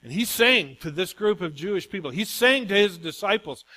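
Bright, high-voiced male pastor preaching. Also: lively intonation, moderate pace, hardly any pauses, poor audio. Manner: emphatic, calls out questions to the congregation. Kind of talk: sermon.

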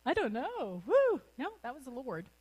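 Brief: middle-aged woman preacher, high voice with wide swings, bubbly and quick to laugh. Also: wildly swooping pitch, darkish tone, breathy edge. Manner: exuberant, laughs often mid-sermon. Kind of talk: sermon.

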